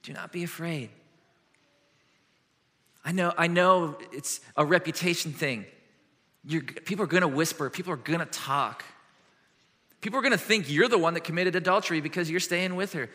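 Pastor guy preaching a sermon, bright clear voice, kinda high, goes lively then real hushed, big church echo. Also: moderate pace, long pauses. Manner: animated, shifts from lively to hushed and earnest. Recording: long hall reverb.

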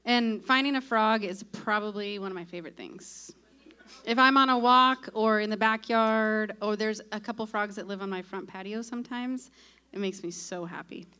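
Easygoing woman pastor, bright voice. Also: mid-range voice, normal speed, smooth. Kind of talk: casual chat.

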